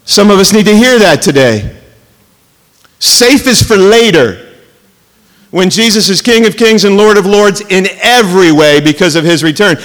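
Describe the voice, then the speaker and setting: A man preaching a sermon from the pulpit, his voice sitting high for a man. He tells stories in a chatty, joking way, then slows down and leans hard on key words. The sound rings out with the long reverb of a church hall. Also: expressive, a bit bright. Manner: conversational storytelling with jokes and asides. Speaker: pastor.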